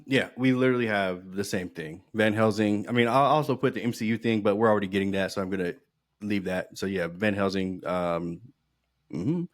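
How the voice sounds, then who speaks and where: A man co-hosting a podcast in casual chat, animated, swearing freely and laughing often. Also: lowish voice, a little fast, no room sound, studio quality. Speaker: podcast co-host.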